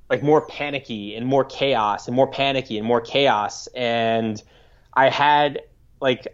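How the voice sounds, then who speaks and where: A man in his thirties from the United States, a podcast guest recalling a story in a halting, reflective way, often restarting his sentences. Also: medium pitch, fairly bright tone, clean tone. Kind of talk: casual interview storytelling. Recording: slightly dull lo-fi audio.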